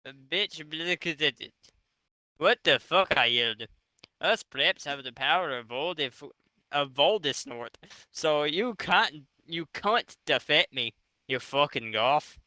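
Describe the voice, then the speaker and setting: A man's voice: on the high side, expressive, slow pace, pushed and bright, no room sound. A man doing a mocking comedic reading of a bad fanfic aloud to friends, swearing often. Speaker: reader of a fanfic.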